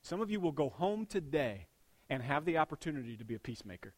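A man preaching a sermon to his congregation, joking one moment and dropping to a near hush the next. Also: a little high, very animated, fast. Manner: swings between punchy loud lines and hushed intimate ones. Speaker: pastor.

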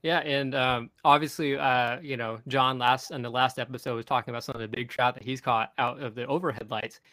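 A young man hosting a podcast, telling a fishing story in an excited, rambling way with many restarts. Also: mid-range voice, fairly quick, dry recording, rough recording. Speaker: podcast host. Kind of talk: casual storytelling chat.

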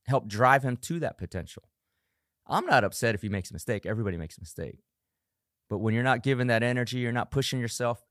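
A man's voice: fairly low pitch, dry recording, studio quality. A middle-aged man hosting a solo motivational podcast, talking earnestly with emphatic bursts. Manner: earnest, emphatic, acts out harsh self-talk in bursts. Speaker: podcast host; coach and parent.

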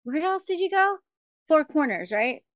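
A woman with a fairly high voice hosts a podcast interview. She sounds close and dry, with no room echo. She affirms her guest and reflects thoughtfully on what she has heard. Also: sing-song, normal speed. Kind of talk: casual interview chat.

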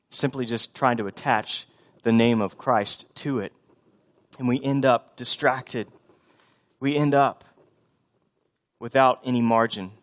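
Conversational preacher man in his thirties. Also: medium pitch. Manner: conversational preaching that builds to emphatic repetition. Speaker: pastor. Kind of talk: sermon.

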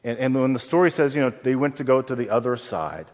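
A man preaching a sermon as pastor, telling a story with lively acted-out voices. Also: mid-range voice, fast talker. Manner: animated storytelling, acts out quoted voices. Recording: long hall reverb.

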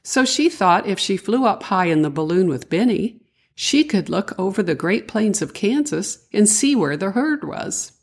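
An older woman, a grandmother, tells a children's story gently and in a sing-song way, her breathy voice sitting on the low side.

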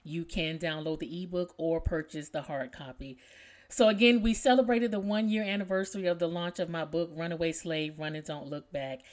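A woman hosting her own podcast, with a somewhat low voice. She talks with upbeat enthusiasm, then reads a poem aloud. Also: fairly even intonation, moderate pace. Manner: enthusiastic, promotional. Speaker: podcast host and author. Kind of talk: podcast talk and poem reading.

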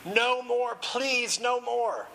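A man's voice: extremely high pitch, drawn-out words, vocal fry, pushed and bright, slight background noise, voice pushed up, exaggerated voice. A man doing an agonized old wizard, begging. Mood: pleading. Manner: begging, anguished cries. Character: old male wizard in agony, pleading.

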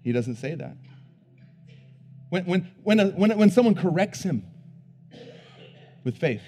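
A man preaching a sermon who swings between hushed, low emphasis and loud, emphatic bursts, repeating words as he builds each point. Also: sing-song, measured pace, soft background music.

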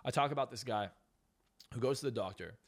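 A man's voice: mid-range voice, brisk. A man who is a hypnotist and coach, guest on a podcast interview, talking bluntly and profanely with lots of emphasis.

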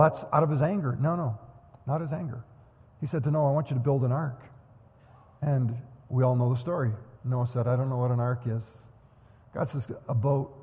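A man's voice: a little high, breathy edge, in a large hall. A man preaching a sermon, acting out the voices of the people he quotes. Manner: animated, acts out quoted voices. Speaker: pastor.

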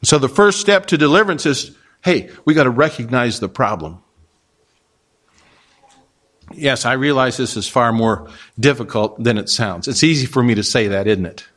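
A male pastor with a medium-pitched, slightly bright voice preaches an expository sermon. His style is conversational, and he frequently poses rhetorical questions to his listeners.

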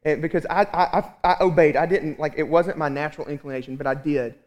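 A man in his thirties preaching a sermon as pastor, telling a family story with lively, animated asides. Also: on the high side, quick pace. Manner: animated storytelling, acts out his own exasperation.

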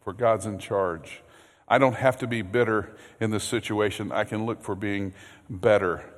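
A man preaching a sermon as pastor, earnest, repeating words, swinging from loud emphasis to hushed low passages. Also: fairly even intonation, moderate pace. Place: church sanctuary. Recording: long hall reverb.

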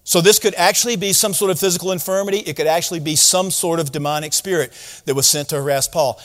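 A man's voice: high voice, long reverb tail. A man preaching a sermon, teaching through a Bible passage in a conversational way and asking his listeners rhetorical questions. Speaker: pastor.

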